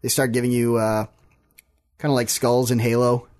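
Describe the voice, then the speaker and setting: A man co-hosting a podcast in casual chat, relaxed and laughing often. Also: medium pitch, normal speed. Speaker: podcast co-host.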